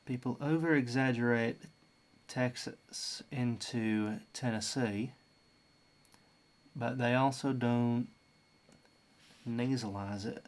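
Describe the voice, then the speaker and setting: A man's voice: medium pitch, slow, pauses often. An Australian man chatting casually as host of a livestream, musing about accents. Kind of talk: casual stream chat.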